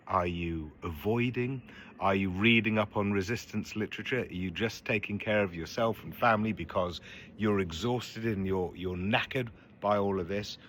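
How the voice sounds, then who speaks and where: A man with a very deep voice speaks straight to camera, calmly and earnestly asking viewers how they are holding up. A faint noise sits under his voice. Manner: calm, earnest questioning. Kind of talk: direct-to-camera check-in.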